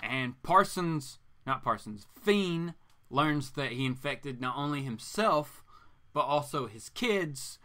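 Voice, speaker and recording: A man with a bright, forceful voice hosting a live comics stream in a loose, rambling way. He sits a little higher in pitch than most men and keeps chatting back to the people watching. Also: lively intonation, slow. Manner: rambling and chatty, answers viewer comments. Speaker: comics show host. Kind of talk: casual live-stream chat.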